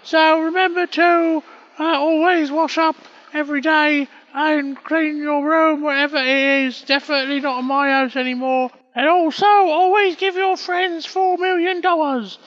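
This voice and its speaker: A British man putting on a very high voice as a fake mother who rambles and halts with fillers. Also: steady tone, fairly bright tone, dull audio. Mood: rambling. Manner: rambling, halting with many fillers. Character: a man faking a middle-aged mother. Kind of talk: comedic phone message bit.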